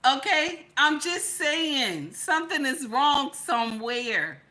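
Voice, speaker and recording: A middle-aged woman hosts a commentary channel, preaching to viewers and repeating her points, going from loud to hushed. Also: sits high, big pitch swings, slow pace.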